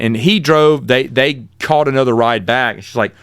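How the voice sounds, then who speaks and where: With a clean tone and no room sound, a middle-aged podcaster reminisces about college in a loose, animated monologue. His mid-range voice keeps a moderate pace as he meanders and keeps correcting himself partway through sentences.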